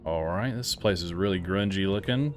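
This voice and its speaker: A man's voice: deep voice, normal speed. A young man giving casual, wry commentary while playing and reviewing a video game. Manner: wry, sarcastic asides. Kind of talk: casual let's-play commentary. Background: faint game music.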